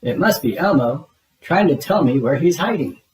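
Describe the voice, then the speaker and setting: A man voicing a big, gentle, childlike bird in a storybook, friendly and full of wonder. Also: a little high, lively intonation, moderate pace, roomy sound, recorded from a distance, lightly acted, low-quality recording. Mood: puzzled.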